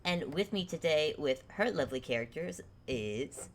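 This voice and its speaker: A woman hosting and running a tabletop game, chatting casually in a halting, rambling, self-mocking way. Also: low-pitched, expressive, slight background noise. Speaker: game master and host.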